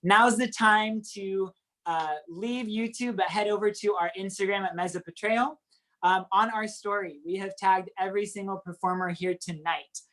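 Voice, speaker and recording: A woman's voice: mid-range voice, fairly even intonation, moderate pace, fairly bright tone. A woman hosting an online comedy night, upbeat and laughing as she reads out viewer comments. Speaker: show host.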